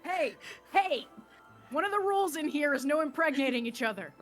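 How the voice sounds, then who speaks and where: A woman's voice: high-pitched, animated, moderate pace, faint music behind. A woman co-playing a game on a stream, bantering in a joking, profane way. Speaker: co-player on a gaming stream. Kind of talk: casual gaming chat.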